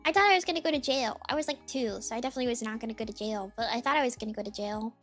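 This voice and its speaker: A woman's voice: a little high, rapid-fire, a bit bright, faint music behind. A young woman streaming casually, greeting viewers one by one in a sing-song lilt and rambling with lots of "like" and "dude".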